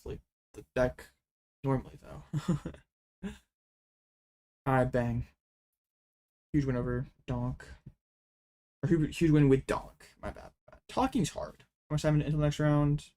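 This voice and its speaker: A young man talking through an online card game in casual commentary. His voice sits at an ordinary middle pitch, and he talks in an excitable way, quick to break into dramatic complaints.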